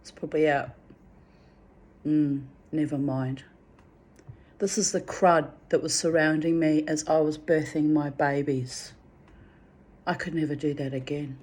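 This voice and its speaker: A woman's voice: sits low, fairly even intonation, unhurried, pauses often, a little mellow, slight background noise. A middle-aged woman recounting personal memories in a candid, rambling way. She talks frankly, swears freely and restarts her sentences often. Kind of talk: candid spoken reflection.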